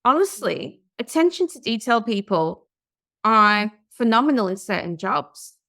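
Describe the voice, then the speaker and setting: A woman's voice: on the high side, sing-song, unhurried, creaky, sharp tone, dry recording, studio quality. A woman co-hosting a podcast, chatting and reading out news articles with her own comments. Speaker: podcast co-host. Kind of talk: casual discussion, reading out news stories.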